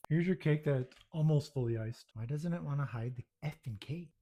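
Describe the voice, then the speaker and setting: A man's voice: a little high, measured pace, highs cut off. A man narrating his own home baking video, muttering to himself with self-deprecating exasperation as things go wrong in his kitchen.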